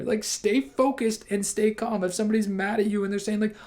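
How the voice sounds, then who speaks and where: A young man gives a training talk to his team in a casual, emphatic way, breaking now and then into quick quoted lines. His voice sits a little higher than most men's. The delivery is loose and conversational rather than scripted. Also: steady tone, darkish tone.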